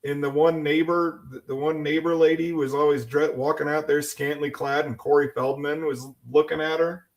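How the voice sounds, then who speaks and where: A man's voice: fairly high pitch, level tone, normal speed, few pauses. A man from the co-hosting a comedy podcast, riffing with jokes and movie references. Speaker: podcast co-host. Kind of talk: casual comedy podcast banter.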